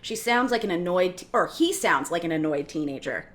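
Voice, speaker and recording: A woman reading a screenplay's stage directions aloud in a play reading, with an expressive delivery. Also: lowish voice, a little fast.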